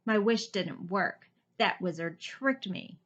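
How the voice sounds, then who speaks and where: A woman voicing a gentle, kind-hearted young male bullfrog who frets easily, in a storybook read-aloud. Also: takes it slowly. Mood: sad. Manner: fretful and high-pitched when alarmed. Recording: slightly dull lo-fi recording.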